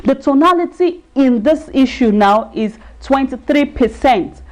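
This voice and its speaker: A woman's voice: sits high, animated, unhurried. A woman giving a talk on marriage in a live video stream, earnest, repeating herself and searching for words. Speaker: marriage enrichment speaker. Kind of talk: livestream talk.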